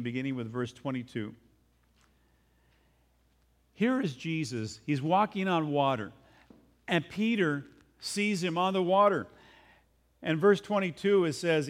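A male pastor preaching a sermon, reading scripture and acting out the scenes with a rising voice. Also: fairly high pitch.

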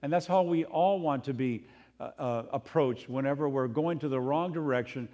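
A man preaching a sermon in a conversational, animated way, with sudden jumps in loudness and pitch. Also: fairly quick. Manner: conversational, animated, acts out quotes in other voices.

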